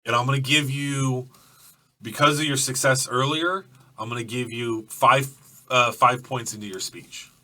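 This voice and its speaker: Male game master, casual profane narration, bright sharp voice, mic at a distance. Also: mid-range voice, steady tone, moderate pace. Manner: loose, profane, filler-heavy storytelling.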